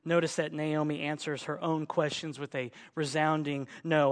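A male pastor preaching a sermon, explaining scripture verse by verse, moving between hushed and emphatic delivery. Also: on the high side, level tone, normal speed, few pauses, long reverb tail.

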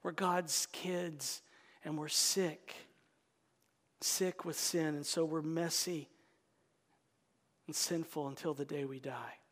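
A man's voice: a little high, fairly even intonation, slow pace, pauses often. Man preaching in a reverberant hall. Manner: swings between forceful emphasis and hushed whispers. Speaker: pastor. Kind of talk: sermon. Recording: long reverb of a large hall.

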